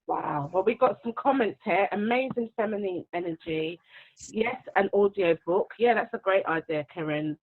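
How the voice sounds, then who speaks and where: A woman hosting a live-streamed book launch, bubbly and quick to laugh as she reads out comments. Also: medium pitch. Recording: tinny phone-like line.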